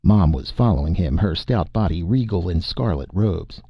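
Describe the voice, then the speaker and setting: Gravelly deep-voiced male narrator. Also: expressive, moderate pace, dry recording, lo-fi sound. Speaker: audiobook narrator. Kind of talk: scripted narration.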